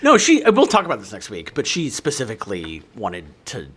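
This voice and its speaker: A man's voice: mid-range voice, huge pitch swings, fairly quick, fairly bright tone, slightly rough. A middle-aged man hosting a casual film podcast, reading his notes and chuckling often. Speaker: podcast host. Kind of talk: casual chat about films.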